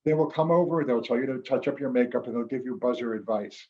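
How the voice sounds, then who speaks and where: A man speaks with quiet earnestness, recounting a personal experience to an online club audience. His voice sits at an ordinary middle pitch, and the call audio is a little muffled and dull. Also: steady tone, quick pace, few pauses. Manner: earnest, reflective, occasionally emotional. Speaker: guest speaker, former quiz show champion. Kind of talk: storytelling talk at an online club meeting.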